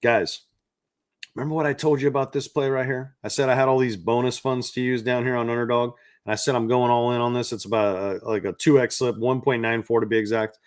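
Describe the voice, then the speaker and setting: A man's voice: mid-range voice, steady tone, brisk, no echo, clean studio sound. A man hosting a sports betting show, talking in a hyped, salesy way and repeating his points. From not from the South. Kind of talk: energetic betting-picks monologue.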